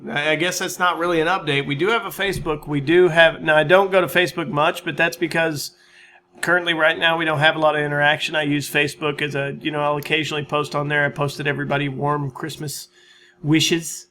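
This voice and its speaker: A man's voice: fairly high pitch, flat delivery, fairly quick, pushed and bright, a little hiss or hum. A man hosting a gaming channel, chatting casually through a let's-play and a channel update, rambling, self-mocking and swearing freely.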